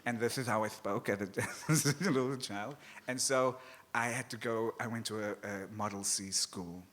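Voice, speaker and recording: Lively South African man with a slight lisp. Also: lowish voice, normal speed. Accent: Cape Flats South African. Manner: animated, laughs often, acts out voices. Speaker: author guest. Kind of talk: festival panel conversation. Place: live event stage.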